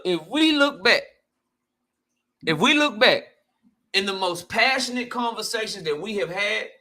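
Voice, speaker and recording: A male boxing channel host giving blunt, profane, slang-heavy commentary and answering his live chat in a casual, animated way. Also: high voice.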